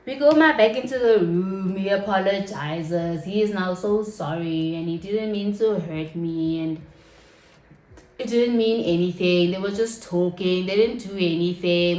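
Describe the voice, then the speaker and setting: A young woman telling a story in a dramatic, animated way, swearing freely as she vents to her viewers. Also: medium pitch, a little slow. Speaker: storytime vlogger. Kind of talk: casual storytelling. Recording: roomy echo.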